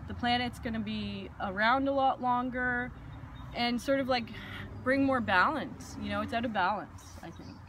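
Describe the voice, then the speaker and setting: A woman's voice: fairly high pitch, moderate pace, background noise. Woman chatting casually as host. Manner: animated storytelling with acted-out quotes. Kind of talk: casual chat.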